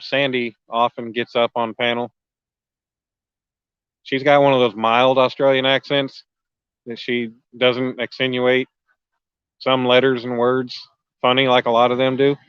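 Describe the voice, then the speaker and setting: On a riverbank at night, a man hosts a casual fishing livestream, chatting easily with viewers, reading their messages aloud and clearing his throat often. He's laid-back, with a medium-pitched voice. There's no room sound and the highs are cut off.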